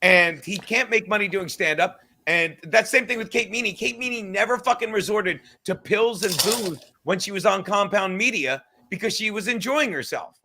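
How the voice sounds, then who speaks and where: A middle-aged man delivers a profane, insulting podcast rant. His voice sits high and cuts through with a bright, tense edge. He swears freely and talks as though his anger has nowhere else to go. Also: a little hiss or hum. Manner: angry, insulting, fast swearing. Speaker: podcast guest. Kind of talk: profane ranting commentary.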